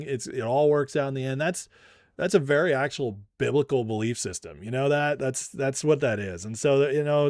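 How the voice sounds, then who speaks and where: A man's voice: a little high, clean tone, no echo, studio quality. A man hosting a casual livestream commentary show, rambling and laughing often. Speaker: host.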